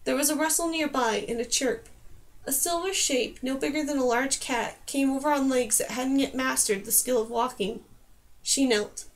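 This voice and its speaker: A woman narrating a fantasy novel aloud in a steady, expressive reading. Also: high-pitched, moderate pace. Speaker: audiobook narrator. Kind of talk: scripted narration.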